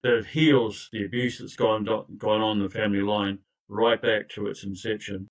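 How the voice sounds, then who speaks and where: With a flat, low-ish voice at normal speed, an older man works through his personal story as a recovery coach. Earnest and emphatic, he keeps restarting and adding asides; the recording is rough.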